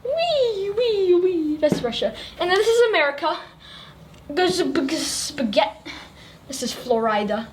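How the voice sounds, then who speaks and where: A woman's voice: extremely high pitch, very animated, a little slow, slight background noise. A young woman casually explaining a history story over pictures, rambling, correcting herself and giggling as she goes.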